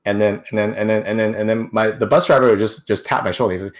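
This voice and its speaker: A man's voice: fairly low pitch, fairly even intonation, fast talker. A young man, an interview guest, telling a personal story in casual talk, with many restarts and repeated words.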